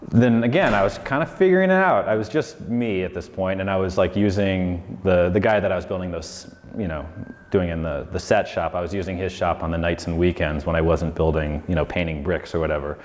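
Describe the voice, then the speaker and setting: A man in his forties, a designer, lectures casually in a lecture hall with long reverb, rambling through his story and often saying "like" and "you know." His voice sits low and is slightly mellow, his pace is brisk, and there's a little hiss or hum.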